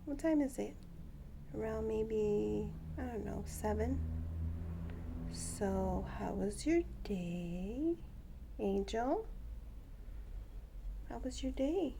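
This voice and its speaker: A woman's voice: medium pitch, animated, drawn-out words, gravelly, pauses often, noisy background. A woman chatting at home to her pet birds in a doting, teasing baby-talk way. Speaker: pet bird vlogger. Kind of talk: casual chat to pet birds.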